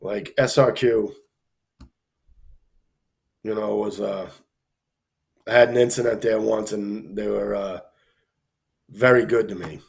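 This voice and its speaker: A man casually telling an anecdote on a live stream, animated, acting out the people he quotes, with plenty of fillers. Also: fairly low pitch, takes it slowly, vocal fry, pauses often.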